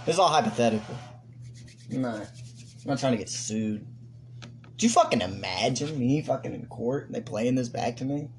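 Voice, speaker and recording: A man's voice: medium pitch, lively intonation, moderate pace, long pauses, slight background noise. A man co-hosting a podcast, ranting and mocking in crude, casual banter. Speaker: podcast co-host.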